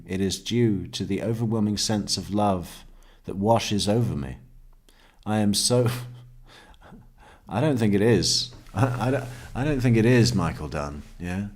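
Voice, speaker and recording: A man with a lowish voice reads out testimony in a slow, deliberate way. He breaks in with sardonic asides and frequent laughs. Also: a little mellow. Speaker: true crime commentator. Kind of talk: reading testimony aloud with commentary.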